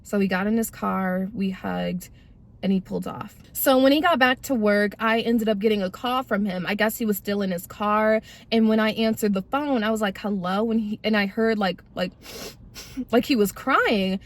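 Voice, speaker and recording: A woman's voice: mid-range voice, moderate pace. A woman in her twenties telling her personal testimony in a casual, slangy way, talking straight to her viewers. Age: 20s. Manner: casual, animated, slangy, addresses viewers directly. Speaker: vlogger sharing her testimony.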